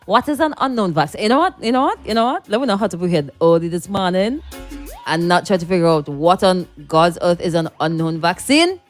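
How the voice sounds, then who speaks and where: A woman's voice: fairly low pitch, expressive, fairly quick, faint music behind. A woman from the Caribbean hosting morning radio, chatting casually and reading listener comments aloud, laughing often. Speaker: radio host.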